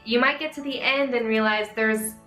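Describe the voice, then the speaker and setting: A young woman vlogger, slightly sick and out of breath, chatting quickly through viewer questions with lots of "like" and "um". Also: on the high side, steady tone, pushed and bright. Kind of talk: casual Q&A vlog. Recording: echoey room, faint music.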